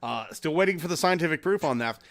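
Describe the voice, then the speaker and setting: A man hosting a casual podcast, reading chat comments and telling stories in a profane, animated way. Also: on the high side, fast talker. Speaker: podcast host.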